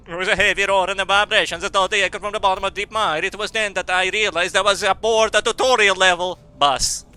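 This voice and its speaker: A man's voice: high voice, steady tone, a little fast, sharp tone, clear, resonant tone, faint music behind. A young man streaming a game, reading its dialogue aloud with stumbles and silly asides.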